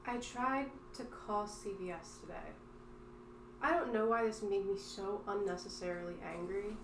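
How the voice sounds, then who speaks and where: A woman's voice: mid-range voice, moderate pace, slight background noise. A young woman co-hosting a podcast, ranting in an exasperated, laughing way. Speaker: podcast co-host. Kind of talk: casual chat. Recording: echoey room.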